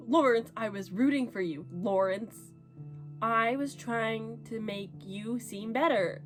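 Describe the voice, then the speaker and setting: A young woman vlogging casually about a book she is reading, with animated, dramatic reactions. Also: a little high, takes it slowly, soft background music. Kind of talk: casual reading vlog chat.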